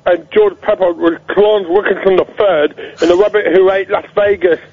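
High-voiced male caller, nervous fan. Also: fairly even intonation, moderate pace. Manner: nervous fan asking a question. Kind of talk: phone-in call. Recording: dull lo-fi radio audio.

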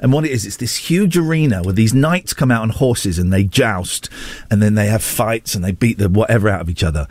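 A man's voice: lowish voice, a little fast, a little mellow, dry recording. A man hosting a radio show in casual banter, playful and self-mocking. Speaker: radio host. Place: radio studio.

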